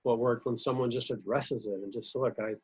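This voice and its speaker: A man's voice: mid-range voice, fairly even intonation, a little fast, breathy edge. A man hosting a podcast, asking long, rambling questions and offering supportive responses. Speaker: podcast host. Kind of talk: conversational interview. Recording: dull, lo-fi sound.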